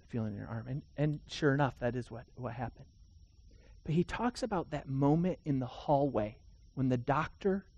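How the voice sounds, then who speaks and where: A man preaching a sermon, telling stories earnestly, swinging between emphatic declarations and hushed, quiet passages. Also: fairly high pitch. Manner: earnest storytelling with emphatic rises and hushed drops.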